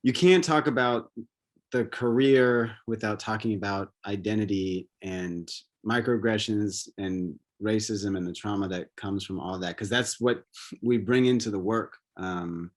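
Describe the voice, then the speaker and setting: A man's voice: fairly low pitch, measured pace. Male interview host, affirming and conversational, lots of murmured agreement. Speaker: podcast host.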